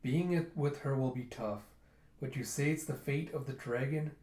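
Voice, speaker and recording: A man voicing a gruff old female pirate captain who talks in a curt, scolding way, in a roomy room. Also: mid-range voice, fairly even intonation, normal speed, a little mellow, natural voice. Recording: roomy echo.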